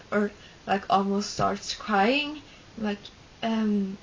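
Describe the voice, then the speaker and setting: A young woman whose first language is Swedish tells a scout-leader story in a slow, rambling way, filling it with "like." Her voice has a gravelly fry to it. The recording sounds dull and lo-fi, with a faint hiss behind her. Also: medium pitch, fairly even intonation. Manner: rambling, filled with "like" and restarts. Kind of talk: casual storytelling.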